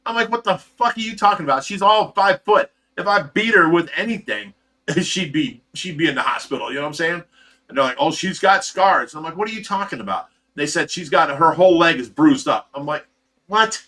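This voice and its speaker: Man, middle-aged, from Ohio, livestream host, casual storytelling, rambling, frequent restarts, bright forceful voice. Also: a little high.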